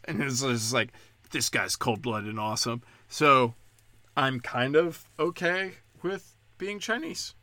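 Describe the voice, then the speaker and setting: A man's voice: medium pitch, normal speed, bright, forceful tone, no room sound. Sarcastic, foul-mouthed man on a podcast. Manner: profane, sarcastic, rambling. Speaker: podcast host. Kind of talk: casual rambling monologue.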